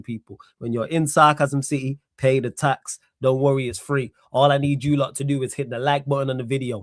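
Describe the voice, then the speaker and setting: A man hosting a live football talk stream, energetic and full of street-slang shout-outs to his viewers. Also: mid-range voice, dry recording, clean studio sound. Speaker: host.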